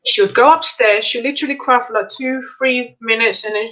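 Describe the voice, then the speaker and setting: A middle-aged woman with a bright, forceful voice, chatting casually as a guest about raising her child. She tells her stories with animation, slipping into the voices of the people she quotes. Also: on the high side, brisk, poor audio. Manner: lively, acts out quoted dialogue. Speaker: mother and parenting guest. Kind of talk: casual conversational storytelling.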